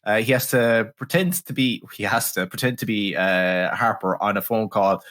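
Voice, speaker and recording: A man's voice: on the low side, moderate pace, fairly bright tone. A man co-hosting a podcast, ripping into a film with sarcastic, sweary commentary and mocking impressions. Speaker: podcast co-host. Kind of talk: casual film review chat.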